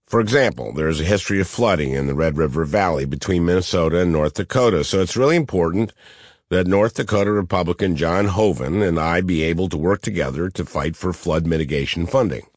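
A middle-aged man with a nasal Midwestern twang and a low, deep voice narrates his memoir as an audiobook. His delivery is dry and deadpan. The sound is close and dead, with no room echo. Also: fairly quick. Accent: Midwestern American. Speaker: senator reading his own memoir.

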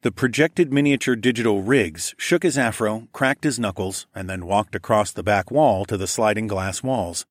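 A man's voice: on the low side, normal speed, hardly any pauses, dry recording. A man narrating a first-person audiobook in a wry, dry manner with muttered asides.

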